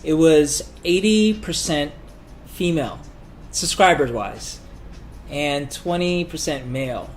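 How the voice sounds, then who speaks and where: A young man co-hosting a casual livestream in a relaxed, hedging way. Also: on the high side, slow, slight background noise. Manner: laid-back, hedging, says yo and I mean. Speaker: livestream co-host.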